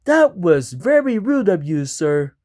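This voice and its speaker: A man voicing a touchy, vengeful talking motorhome computer that speaks slowly and primly while threatening its passengers. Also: high voice, very animated, a little mellow, no echo, studio quality, full character voice. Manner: slow, prim and threatening.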